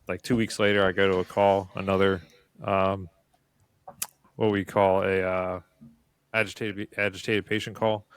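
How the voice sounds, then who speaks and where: Brief: male paramedic on a podcast, very low voice with gravelly fry, calm storyteller. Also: no echo. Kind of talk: casual podcast chat.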